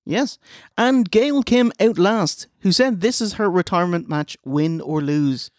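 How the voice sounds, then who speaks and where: A man's voice: high-pitched, unhurried, a little mellow, no room sound, studio quality. A man co-hosting a casual review show, recapping with wry asides. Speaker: podcast co-host. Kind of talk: casual wrestling review chat.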